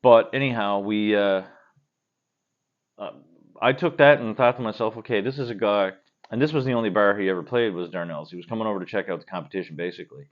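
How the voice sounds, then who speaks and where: Guitar guy with a lowish voice drinking beer at home and answering questions, swears a lot, kinda rambly, dull lo-fi sound. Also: fast. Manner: blunt and profane, talks in a loose rambling way. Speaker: cover band guitarist. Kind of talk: casual vlog answering viewer questions. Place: at home, indoors.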